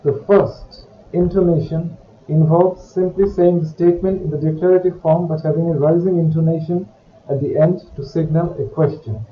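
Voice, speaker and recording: Man teaching French grammar, slightly high voice. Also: fairly even intonation. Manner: slow, careful, explanatory delivery. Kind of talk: recorded grammar lesson. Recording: dull, echoey room with faint hiss.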